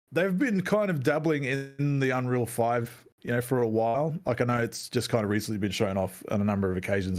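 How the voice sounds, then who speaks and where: A man co-hosting a laid-back gaming podcast, talking at a middle pitch. He is chatty and excitable and swears freely as he talks. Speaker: podcast co-host. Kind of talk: casual gaming chat.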